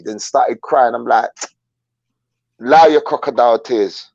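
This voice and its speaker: A man's voice: mid-range voice, slow, vocal fry, no echo, highs cut off. A man bluntly telling slangy stories in a casual live chat.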